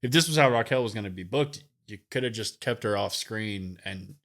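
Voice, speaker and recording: A man's voice: on the low side, normal speed, a bit bright. A man co-hosting a wrestling podcast, giving his opinions casually and thinking aloud. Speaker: podcast co-host.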